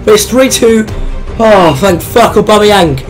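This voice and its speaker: A man with a hoarse, damaged voice, giving excited, sweary commentary on his own football video game match and yelling at goals. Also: high-pitched, measured pace, soft background music. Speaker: gaming YouTuber.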